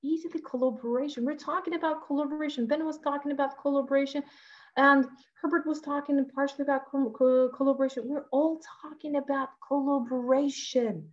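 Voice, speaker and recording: High-voiced animated woman presenting online. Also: highs cut off. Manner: animated and emotional, warmly addresses the audience. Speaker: teacher trainer presenting at an online education conference. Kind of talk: lively webinar presentation with Q&A.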